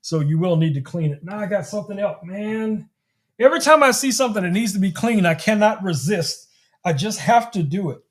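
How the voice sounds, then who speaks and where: A man's voice: sits high, lively intonation, normal speed, pauses often. A man hosting a casual tech livestream, chatting straight to viewers while demoing gadgets in a salesy way. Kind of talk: casual product demo livestream.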